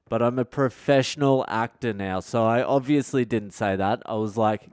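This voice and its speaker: A man's voice: medium pitch, moderate pace, few pauses, darkish tone, clear, resonant tone, no echo, clean studio sound. A middle-aged male comedian telling a story in a blunt, profane, self-mocking way as a podcast host. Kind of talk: comic storytelling monologue. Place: expat in a city abroad.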